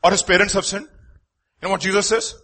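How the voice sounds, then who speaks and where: A man preaching a sermon, moving between loud emphatic lines and quiet asides. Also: high voice, quick pace. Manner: animated, swings from loud emphatic lines to quiet asides, acts out quoted voices.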